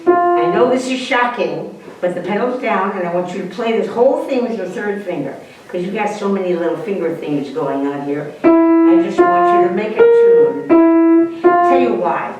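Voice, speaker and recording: An older woman giving a piano masterclass, coaching a student and telling lively stories. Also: mid-range voice, normal speed. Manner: animated storyteller, coaching directly. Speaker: piano teacher. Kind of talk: masterclass teaching. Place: large hall with piano. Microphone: distant room mic. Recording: echoey hall from far off. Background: piano playing.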